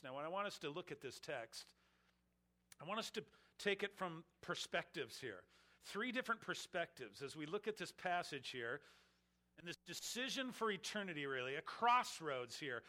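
A man delivers an expository sermon in a bright, slightly higher voice. He is earnest and explanatory, stretching out key phrases for weight. His sentences often fall away quietly at the end. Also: lively intonation. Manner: slows for emphasis, drops soft at phrase ends; earnest, explains Greek terms. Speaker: pastor.

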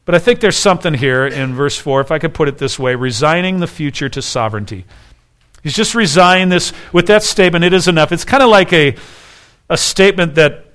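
Male pastor, sermon, earnest, conversational, somewhat higher voice, frequent restarts. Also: a little fast, a bit bright.

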